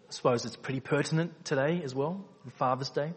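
A man's voice: quick pace, few pauses, slightly rough. Man preaching in a reverberant hall. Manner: rhetorical questions, repeats phrases for emphasis; swings between quiet, low passages and loud, emphatic peaks. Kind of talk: sermon. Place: church hall.

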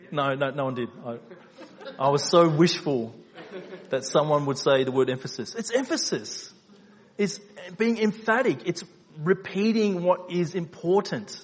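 A man preaching a sermon, asking rhetorical questions and repeating phrases for emphasis, moving between quiet low stretches and loud emphatic peaks. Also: normal speed, husky. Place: church hall. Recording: reverberant hall.

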